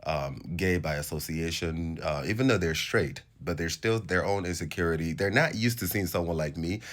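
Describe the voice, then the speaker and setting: Deep-voiced Nigerian man preaching to camera. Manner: animated, preachy, laughing asides. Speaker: host. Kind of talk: casual monologue to camera.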